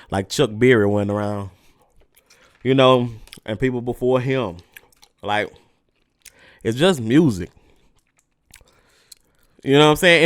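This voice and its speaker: A man's voice: medium pitch, no room sound, clean studio sound. A man hosting a solo podcast, ranting casually and profanely with heated energy while his mouth burns from spicy food. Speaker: podcast host.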